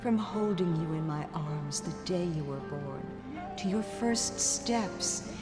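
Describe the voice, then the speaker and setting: A woman's voice: slow, echoey room. An actress playing the ghost of a doting grandmother in a comedy sketch, speaking sweetly and fondly, with music behind her. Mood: tender. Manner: sweet and doting, then shrill and desperate. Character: ghost of a loving grandmother, turning frantic. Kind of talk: scripted sketch comedy acting.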